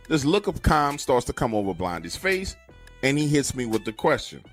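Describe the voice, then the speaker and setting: A man telling a story in a dramatic, animated way and acting out the quotes. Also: medium pitch, normal speed, soft background music. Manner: dramatic, lively, acts out quotes.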